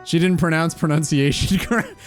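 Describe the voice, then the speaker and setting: A man's voice: a little high, animated, a little fast, faint music behind. A man chatting casually on a gaming stream, teasing and mock-incredulous.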